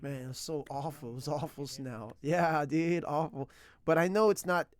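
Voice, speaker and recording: A man chatting casually on a stream while learning a language, rambling and excitable, laughing often and using slang. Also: on the high side, normal speed.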